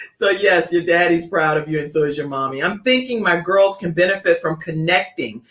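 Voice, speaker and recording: A woman's voice: fairly low pitch, moderate pace, a bit bright. A middle-aged woman hosting a talk show, effusive and praising, reading viewer comments aloud. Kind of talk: casual chat. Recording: echoey room.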